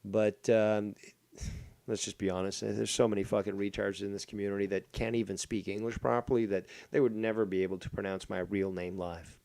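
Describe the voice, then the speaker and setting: Gravelly dude ranting on his stream, swears a lot, mocks people, dry close mic. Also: lowish voice, flat delivery, fairly quick, a little mellow, no room sound. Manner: rambling, profane and mocking, with many fillers. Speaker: livestream host. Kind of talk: casual live-stream rant.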